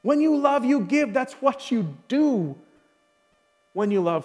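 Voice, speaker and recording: Brief: a male pastor preaching, high voice, repeats his key phrases, asks the crowd questions, long hall echo. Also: animated, slow, darkish tone. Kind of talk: sermon.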